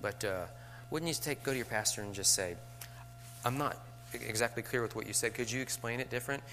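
A man's voice: medium pitch, brisk, bright, forceful tone, a little hiss or hum. A middle-aged man, a teacher, talking to fellow teachers in a conversational way, with rhetorical asides and light chuckles.

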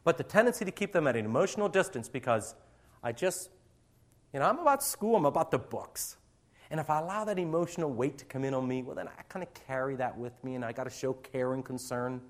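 A man's voice: mid-range voice, lively intonation, fast talker. A middle-aged male teacher giving a conversational lecture to other teachers, acting out little classroom scenes as he goes.

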